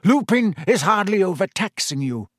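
A cold, contemptuous schoolmaster, put on by a male reader, spacing out each clipped word and sinking into a soft, menacing hush. His pitch swings widely between sneer and whisper, and the recording is dry and close. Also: very animated, dry recording, full character voice. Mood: cold scorn. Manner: slow, clipped and icily deliberate, dropping to a soft menacing hush.

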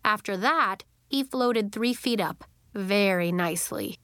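A woman narrating a children's storybook aloud in a gentle, measured way. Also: medium pitch, fairly even intonation, smooth, no echo, studio quality.

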